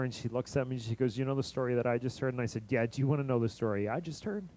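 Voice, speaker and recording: A young man preaches a sermon, telling a story and acting out its dialogue. His delivery swings from hushed, low passages to loud, driving emphasis. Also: fast talker, few pauses, low-quality recording. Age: young adult. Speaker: missionary pastor.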